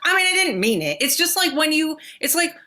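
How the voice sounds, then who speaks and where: A woman's voice: high-pitched, fairly quick. A woman co-hosting a podcast, chatting casually and telling stories animatedly, swearing freely and acting out what people said. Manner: animated storytelling, heavy swearing, acts out quotes. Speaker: podcast co-host. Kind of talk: casual chat.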